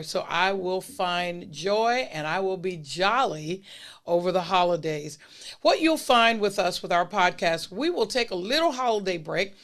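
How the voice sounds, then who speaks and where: A podcast host giving listeners an encouraging holiday message, laid out as numbered points and repeating key phrases for emphasis. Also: medium pitch. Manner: steady, unhurried delivery with list-style points.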